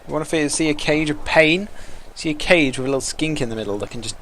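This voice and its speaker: Excitable man trash-talking over a game. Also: on the high side, fast, a little hiss or hum. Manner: excitable, taunting trash talk. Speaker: gaming commentator. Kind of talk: let's-play commentary.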